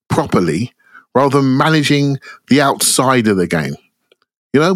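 A man's voice: a little high, no echo. A man on a football podcast, talking in an exasperated, emphatic way. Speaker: podcast panelist. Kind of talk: casual podcast discussion.

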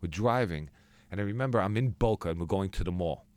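A man's voice: sits low, fast talker, no room sound. A man in casual chat, telling comic stories and laughing often. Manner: animated, laughing storyteller. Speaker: podcast co-host.

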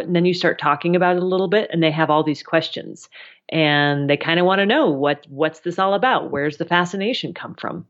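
Friendly woman guest on a muffled line. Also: fairly low pitch. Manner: friendly, lively, explanatory. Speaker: podcast guest, journalist. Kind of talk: casual interview chat.

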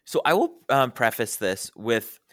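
A man chatting as a guest on a podcast, animated and playfully shady in how he talks. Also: medium pitch, a little slow, no room sound, clean studio sound. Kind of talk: casual chat.

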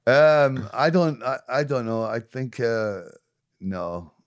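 A man's voice: medium pitch, animated, slow, clear, resonant tone, no room sound, studio quality. A man being interviewed, talking bluntly and swearing freely, often repeating words as he searches for what to say. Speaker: podcast guest, actor. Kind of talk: casual interview chat.

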